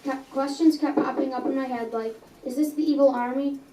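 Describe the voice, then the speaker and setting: A woman's voice: high voice, steady tone, brisk, mellow. A young reader reading her own story aloud in a coffee house, earnest, with small stumbles and self-corrections. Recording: echoey room, mic at a distance.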